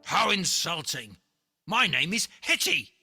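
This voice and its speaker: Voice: medium pitch, unhurried, gravelly, over music. Hetty, a reader doing a growly she-monster. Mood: insulted. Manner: insulted, loud. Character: angry growling female monster. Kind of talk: picture-book read-aloud.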